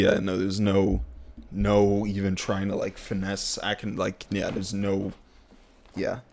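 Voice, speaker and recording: A young male streamer with a lowish, gravelly voice, chatting to himself as he plays. He talks in loose slang, circles back over the same words again and again, and sounds worn out by the game. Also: a little mellow. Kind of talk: casual gaming commentary.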